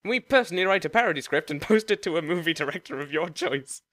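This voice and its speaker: A man's voice: a little high, expressive, fast, a bit bright, no echo, clean studio sound, pitched above the performer's own voice. Man doing a suave afterlife agent. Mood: salesy. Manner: polished salesman patter, formal. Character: smooth, courteous male afterlife agent.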